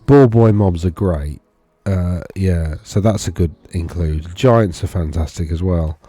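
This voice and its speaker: Low-voiced man musing aloud. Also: unhurried, mellow, slightly rough, no echo. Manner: rambling, thinking aloud, self-correcting. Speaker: wargaming video host. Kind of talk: casual screen-share commentary.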